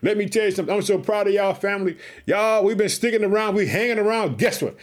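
Fired-up high-voiced male preacher. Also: fast talker. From Chicago, United States. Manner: repeats catchphrases, calls listeners family; fervent, shouting hallelujah. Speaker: podcast preacher. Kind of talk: energetic sermon.

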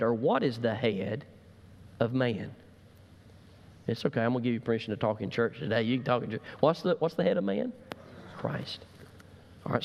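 A man preaching a sermon as pastor, emphatic and repetitive, building to loud calls, in a church sanctuary. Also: mid-range voice, in a large hall.

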